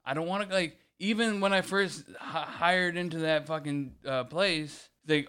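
A young man talks on a podcast in a heated, emotional rush, swearing at nearly every turn and sounding close to tears. His voice sits a little high and comes through smooth and clean. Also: unhurried, hardly any pauses, bright, forceful tone. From Michigan. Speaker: podcast co-host. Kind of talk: casual chat.

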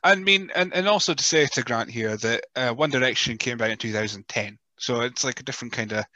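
A man's voice: mid-range voice, fairly quick, bright, forceful tone, dry recording. A man hosting a podcast, chatting casually and often stumbling into restarts. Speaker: podcast host.

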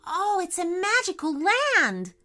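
A woman's voice: on the high side, wildly swooping pitch, slow pace, fairly bright tone, soft background music, full character voice. A woman voicing a timid, fearful younger boy in a children's storybook, speaking in anxious pleas. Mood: awed. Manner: pleading, anxious.

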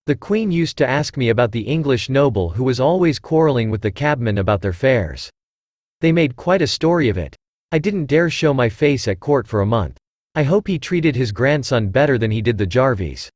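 A synthesized male voice reading the part of a gruff, blustering old aristocratic uncle who grumbles bluntly. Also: medium pitch, expressive, normal speed, darkish tone, no echo, natural voice. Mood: grumbling. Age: older.

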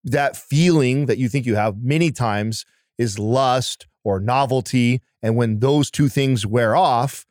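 A man of ordinary pitch talks as a podcast guest, earnest and emphatic, with a casual swear thrown in. His voice sits close to the mic in a dry, dead room. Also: slow pace, darkish tone, no room sound. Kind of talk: casual conversation.

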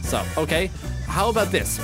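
A man co-hosting a casual sports podcast, chatty and quick to laugh. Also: sits high, expressive, music in the background. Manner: chatty, laughs easily, quizzing his co-host. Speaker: podcast co-host.

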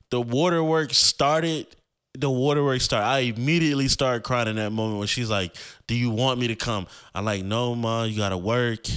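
Young man with a smooth, low voice telling a story. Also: fairly bright tone. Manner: loose, slangy, rambling with many fillers. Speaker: podcast host. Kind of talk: casual personal storytelling.

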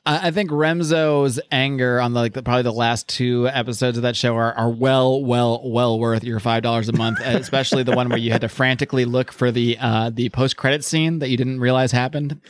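A man co-hosting a casual comic podcast, retelling stories with animated voiced quotes. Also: mid-range voice, a little fast, hardly any pauses. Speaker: podcast co-host. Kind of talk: casual comic recap chat.

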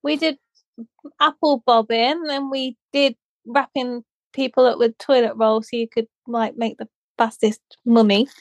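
A woman's voice: fairly high pitch, fairly even intonation, a little slow, no echo. A young woman co-hosting a casual chat show, rambling through stories with frequent laughs. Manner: chatty, laughs often, rambling asides. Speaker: podcast co-host.

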